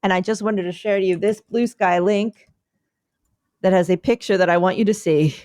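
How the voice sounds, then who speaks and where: A woman's voice: medium pitch, fairly even intonation, moderate pace, darkish tone, no echo, clean studio sound. A woman co-hosting a comedy podcast, chatting in a rambling, playful, scattered way. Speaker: podcast co-host. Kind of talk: casual comedic chat.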